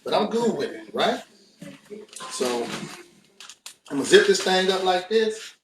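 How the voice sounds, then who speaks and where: A man's voice: high voice, very animated, a little slow, noisy background. Laid-back man cooking in an echoey kitchen. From United States. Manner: laid-back, chatty, addresses viewers directly. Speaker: cooking show host. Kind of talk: casual cooking demonstration. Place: home kitchen. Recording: echoey room, mic at a distance.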